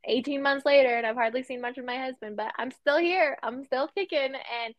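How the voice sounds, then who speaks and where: A woman with a fairly high voice talks casually as a military spouse, lively and quick to laugh. She acts out what people say as she goes. The sound is close and dry, with no room echo. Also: dull audio. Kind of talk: casual podcast chat.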